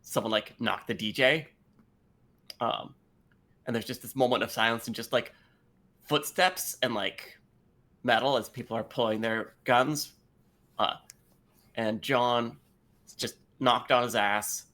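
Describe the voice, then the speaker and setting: A man playing a tabletop role-playing game, narrating his character's actions in a laid-back, halting way. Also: medium pitch, sharp tone. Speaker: player.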